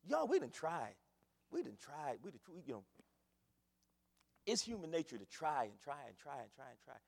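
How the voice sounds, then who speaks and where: An older man preaching a sermon, swinging between loud fervent calls and low hushed asides. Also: huge pitch swings, normal speed, creaky, in a large hall. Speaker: pastor.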